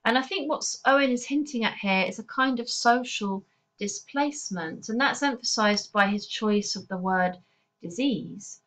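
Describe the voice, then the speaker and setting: A woman's voice: mid-range voice, a bit bright, low-quality recording. Woman teacher explaining a poem. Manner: measured, explanatory, with occasional fillers. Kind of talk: recorded poetry lesson.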